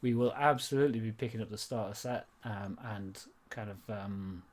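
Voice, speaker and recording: A man's voice: lowish voice, steady tone, moderate pace, darkish tone. A man running a tabletop game, chatting and recapping in a rambling, hesitant way and laughing often. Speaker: game master. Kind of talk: casual chat and game recap.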